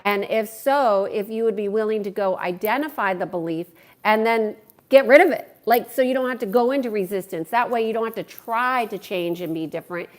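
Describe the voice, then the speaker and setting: At a fairly quick clip and in a medium-pitched voice, a woman hosts a live stream where she also coaches. She greets viewers by name and answers their questions in a warm, talkative style.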